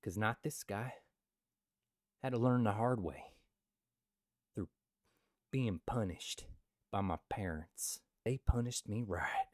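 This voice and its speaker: A young man hosting a comedic Bible commentary, joking with loud asides and quiet mutters. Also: on the low side, slow pace, long pauses, no echo, clean studio sound. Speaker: Christian video host.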